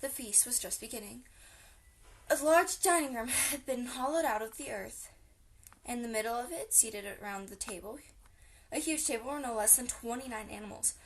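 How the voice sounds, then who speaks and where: A woman narrating a children's storybook in a lively, expressive reading. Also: on the high side, normal speed. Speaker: audiobook reader.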